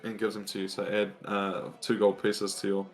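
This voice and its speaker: A man narrating a tabletop game as game master, pausing often with ums. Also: on the low side, monotone. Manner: hesitant, many ums.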